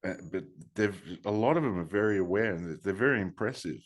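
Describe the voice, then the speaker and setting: A man's voice: fairly low pitch, expressive, quick pace. A man hosting a podcast, talking in an easygoing, agreeable, chatty way. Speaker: podcast host. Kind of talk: casual podcast chat.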